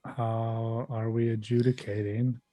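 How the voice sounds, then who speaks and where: A man's voice: medium pitch, flat delivery, slow, dark tone, no echo, soft background music. A man playing a tabletop game in a laid-back, dry manner. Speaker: player. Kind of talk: casual tabletop play.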